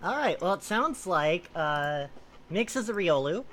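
A woman hosting a group call and reading a joke quiz aloud in a playful mock-hypnotic voice, sliding between slow soothing murmurs and loud giggly shouts. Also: on the low side, expressive.

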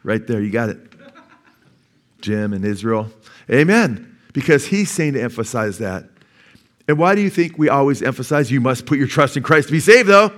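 A male pastor, sixty years old, preaches a sermon at church in an expressive, slightly bright, medium-pitched voice at a moderate pace with long pauses. He asks the congregation question after question, waits for responses, and repeats key phrases for weight.

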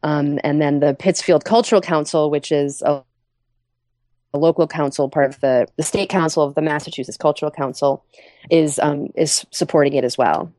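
Low-voiced woman guest, matter-of-fact. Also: fairly even intonation, normal speed, warm tone, no echo, clean studio sound. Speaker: interview guest. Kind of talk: casual interview chat.

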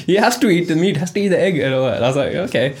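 Lively young man telling stories. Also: fairly high pitch, fast talker. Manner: animated storytelling, laughs often. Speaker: podcast host. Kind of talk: casual chat.

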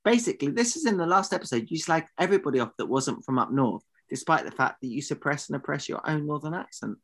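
A man's voice: on the high side, lively intonation, fast talker, gravelly, a bit bright. A man co-hosting a comedy podcast, rambling and arguing indignantly. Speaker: podcast co-host.

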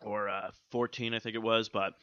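A man's voice: lowish voice, little pitch movement, moderate pace, a bit bright, smooth, dry recording. A man chats loosely on a gaming podcast, trailing off and starting over as he goes. The sound is muffled and dry, like a cheap home mic in a small room. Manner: rambling, many fillers and restarts. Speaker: podcast co-host. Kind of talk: casual gaming podcast chat.

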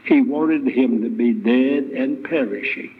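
A man's voice: medium pitch, takes it slowly, a little hiss or hum. A man preaching a sermon as guest speaker, retelling scripture with emphatic rhetorical questions. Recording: tinny, phone-like lo-fi recording.

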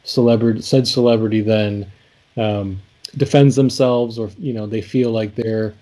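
A man's voice: fairly low pitch, steady tone, a little slow, warm tone. A man co-hosting a casual chat, thoughtfully walking through song lyrics with many fillers and restarts. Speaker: podcast co-host discussing song lyrics.

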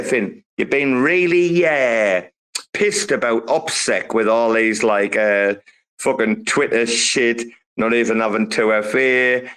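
Foul-mouthed rambling man hosting a chat. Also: mid-range voice. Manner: swears freely, rambling and animated. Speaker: co-host of a crypto community talk show. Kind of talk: casual online group chat.

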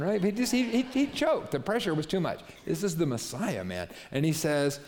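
A man's voice: on the high side, very animated, normal speed, darkish tone. Man preaching a casual sermon in a reverberant hall. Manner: conversational storytelling, keeps asking "right?", acts out quotes. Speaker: pastor.

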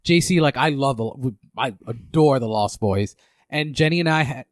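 A man's voice: mid-range voice, lively intonation, normal speed, no room sound. Dry-voiced rambling podcast host man. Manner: rambling, lots of fillers and restarts. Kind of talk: casual chat and movie recap.

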